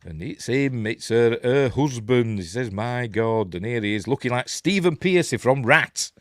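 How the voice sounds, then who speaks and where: A man's voice: mid-range voice, lively intonation, moderate pace, no room sound, clean studio sound. A man with a Yorkshire accent hosting a casual film breakdown, rambling through the plot with chatty asides and chuckles. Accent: Yorkshire English. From Yorkshire, England. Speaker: film review host.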